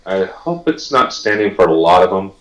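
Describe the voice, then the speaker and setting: A male co-host chatting on a podcast, making crude jokes and talking in an animated way. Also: low voice, normal speed, echoey room, low-quality recording. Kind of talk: casual podcast chat.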